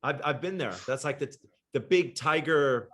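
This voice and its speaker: A man's voice: fairly high pitch, normal speed, fairly bright tone. A man hosting a casual interview, giving brief affirmations and encouraging his guest. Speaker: host.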